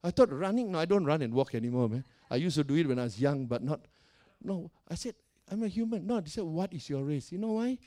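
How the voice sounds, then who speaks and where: Brief: male pastor, fairly high mellow voice, emphatic sermon delivery, repeats lines and questions the congregation. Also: expressive, fast talker.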